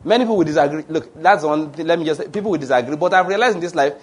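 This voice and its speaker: A man's voice: on the high side, very fast, husky. A man preaching a sermon, emphatic and digressive, asking the congregation questions and answering them himself. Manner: digressive, with restarts and fillers.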